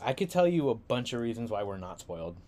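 Chill young guy from san diego rambling on his podcast, laughs a lot, mid-pitched voice. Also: big pitch swings, fast talker, a little mellow. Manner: laid-back, rambling, laughs often. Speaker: podcast host. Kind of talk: casual chat.

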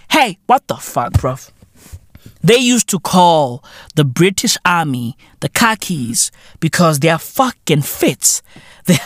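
A South African man rants through a comedy bit, swearing and mocking as he goes. His voice is bright and sharp, and his pitch leaps around wildly. The sound is close and dry. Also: dry recording. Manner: profane, mocking, heated ranting. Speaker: show host. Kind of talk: comedic rant.

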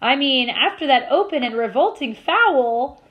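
A woman voicing an excitable teenage boy doing lively play-by-play commentary. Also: high-pitched, unhurried, highs cut off. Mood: excited.

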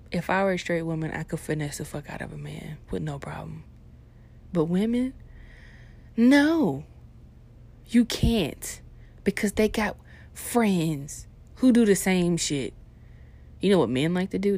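A young woman delivering a profane comedic rant, swinging between hushed asides and loud outbursts. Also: lowish voice. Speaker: vlogger.

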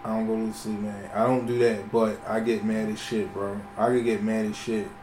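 A man's voice: fairly low pitch, flat delivery, normal speed, a little mellow. A man chatting casually and emphatically, often repeating himself. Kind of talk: casual chat. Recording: roomy sound with faint music.

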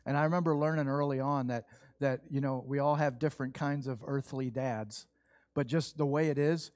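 Storytelling pastor, dry close sound. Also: male voice, fairly high pitch, no room sound. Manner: animated storytelling, acts out quoted voices. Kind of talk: sermon with personal story.

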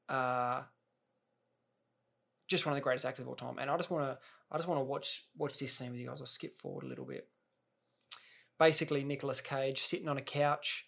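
Rambling, excitable man reacting to a clip. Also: medium pitch, gravelly. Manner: rambling, enthusiastic, restarts sentences. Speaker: video host. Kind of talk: casual reaction commentary.

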